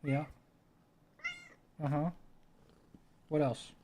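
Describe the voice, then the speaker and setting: A man's voice: fairly high pitch, completely flat delivery, drawn-out words, warm tone, slight background noise. A man at home chatting to his cat by a desk microphone, coaxing and cooing at her in casual pet talk with offhand mutters. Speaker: streamer talking to his cat.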